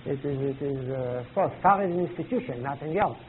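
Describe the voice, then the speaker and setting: A man teaching a class, halting and searching for words, with emphatic rising questions to students. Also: fairly high pitch. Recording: tinny lo-fi old tape recording with faint hiss.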